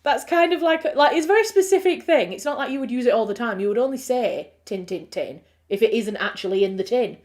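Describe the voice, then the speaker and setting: A woman's voice: fairly high pitch, animated, fast talker, few pauses, a little mellow. Chatty Yorkshire woman, laughing often. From Yorkshire, England. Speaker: writer hosting a livestream. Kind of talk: casual livestream chat reading comments.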